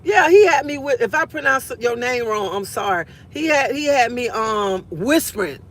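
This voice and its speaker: A middle-aged grandmother telling a funny family story with lively storytelling while chatting with live viewers from her car. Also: fairly high pitch, moderate pace. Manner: lively storytelling, laughs easily. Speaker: livestream host. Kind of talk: casual chat with live viewers. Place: car, driving to work.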